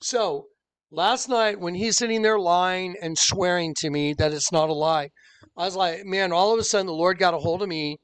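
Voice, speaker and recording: A man's voice: high-pitched, moderate pace, smooth. A man recounting a personal story to his viewers as an online preacher, earnest and insistent, acting out the people he quotes. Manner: animated storyteller who acts out the people he quotes. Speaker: online preacher and channel host.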